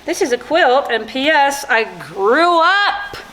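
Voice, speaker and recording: A woman's voice: high voice, expressive, takes it slowly, fairly bright tone, slight background noise. A woman in her thirties vlogging casually as she unboxes gifts, gushing and joking with her viewers. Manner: gushing and playful, jokes and exclamations.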